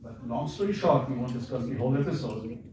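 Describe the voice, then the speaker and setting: A man tells a devotional story to a seated crowd, relaxed and chatty, stopping often to check that his listeners follow. He sounds distant from the microphone, and the hall rings with heavy echo. A steady background noise runs underneath. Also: mid-range voice, fast. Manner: conversational, keeps checking with the audience. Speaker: visiting lecturer. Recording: echoey hall, far from the mic, audible noise.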